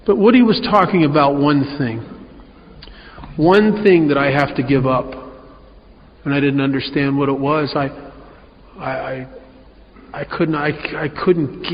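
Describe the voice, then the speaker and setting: A man speaking at a recovery meeting, telling his own story with wry, animated delivery in a hall. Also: a little high, a little hiss or hum. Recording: muffled, reverberant hall recording.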